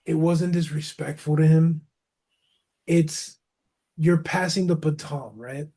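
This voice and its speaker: A man talks wrestling on a casual podcast, loose and animated, tossing in "bro" and "man". His voice sits fairly high for a man, but it has a mellow, warm tone. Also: slow, vocal fry. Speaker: podcast co-host.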